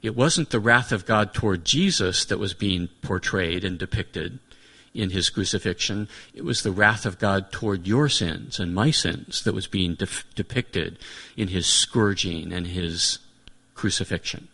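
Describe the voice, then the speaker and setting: Male preacher, earnest and reflective, slightly low voice, restates his points. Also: unhurried, gravelly, pushed and bright, breathy edge. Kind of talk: sermon.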